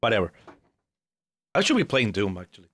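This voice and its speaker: A man's voice: lowish voice, big pitch swings, a little fast, fairly bright tone, faint music behind. A man streaming a game and chatting with his viewers in a hyper, swearing, mock-ranting way, laughing often. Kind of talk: casual live-stream chat.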